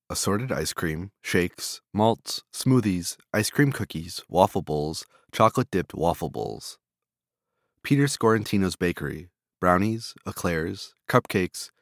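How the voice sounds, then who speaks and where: A man reading a long list of food vendors and menu items in a steady, flat delivery. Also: deep voice, no echo, clean studio sound.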